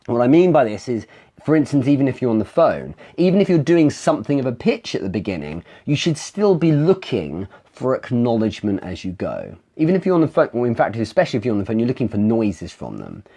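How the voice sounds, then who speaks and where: A man's voice: medium pitch, huge pitch swings, a little fast, warm tone. A man hosting a live sales Q&A, coaching in a conversational way, explaining with examples and restarting phrases as he goes. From England.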